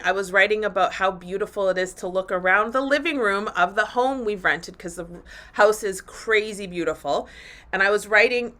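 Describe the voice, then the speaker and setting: A woman's voice: mid-range voice, a bit bright. A middle-aged woman coach hosting her own podcast, talking bluntly and candidly with plenty of swearing in a motivational solo talk.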